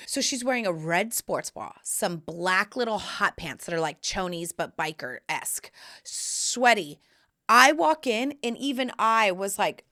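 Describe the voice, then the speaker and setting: A woman's voice: on the high side, expressive, unhurried, pushed and bright. A woman hosting a podcast, telling stories in a chatty, playful way with sassy asides. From United States. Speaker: podcast host. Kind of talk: casual chat to camera.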